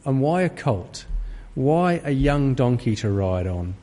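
A pastor preaching a sermon to an empty church, rising to fervent, pleading peaks. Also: male voice, mid-range voice, very animated, unhurried, mellow. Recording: long reverb of an empty church.

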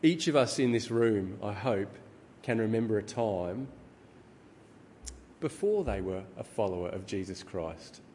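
A middle-aged man preaching a sermon, teaching in a measured way with frequent ums. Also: lowish voice, lively intonation, mellow, slight background noise. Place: church hall. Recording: reverberant hall with faint ambience.

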